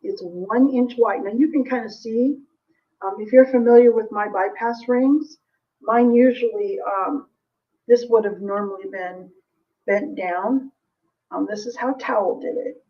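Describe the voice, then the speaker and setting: A woman's voice: a little high, unhurried, far from the mic, muffled recording. Chatty woman selling jewelry on a livestream. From United States. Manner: chatty, warm toward viewers, frequent ums and laughs. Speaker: jewelry seller hosting a live sale. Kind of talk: casual live-stream selling chat.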